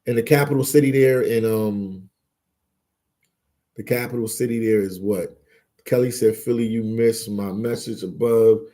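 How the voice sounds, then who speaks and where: A man's voice: fairly low pitch, fairly even intonation, moderate pace, warm tone. A man hosting a casual live stream, reading chat aloud and bantering, repeating words and phrases as he goes. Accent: Philadelphia.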